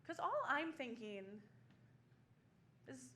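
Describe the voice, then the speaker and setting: A woman's voice: sits high, very animated, a little slow, pauses often, bright, forceful tone, a little hiss or hum. A woman in her twenties doing a sardonic, self-mocking stand-up comedy set on a small club stage.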